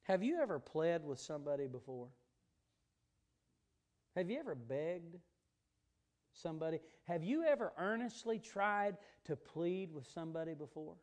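Guy preaching a church sermon, pretty high voice, earnest, hits key words hard. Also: lively intonation, normal speed, long pauses, a little mellow. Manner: emphatic, earnest preaching with stressed repeated words.

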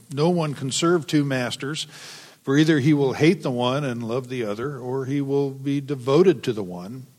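Man, preacher, sermon, earnest, dry humor, mid-pitched voice, long church reverb. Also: a little mellow. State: a bit weepy. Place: church sanctuary.

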